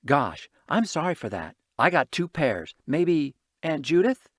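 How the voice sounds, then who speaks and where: An energetic little city orphan boy, his voice pitched high and bouncing all over the place, as a male narrator puts him on. He talks fast street slang and brags and scolds his pal. It is a dry, close storybook reading. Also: no room sound, full character voice. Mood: eager, bossy. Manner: excited, slangy street talk.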